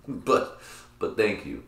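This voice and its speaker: Young male podcast host, low-pitched, crude and rambling, recorded in an echoey room. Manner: crude, rambling, laughing at own jokes. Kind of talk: casual solo podcast rant. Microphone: computer mic.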